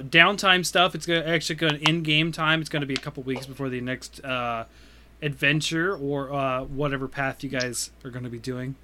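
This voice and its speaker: A man running a tabletop game as game master, explaining loosely with many fillers. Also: fairly high pitch. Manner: relaxed, filler-heavy explaining.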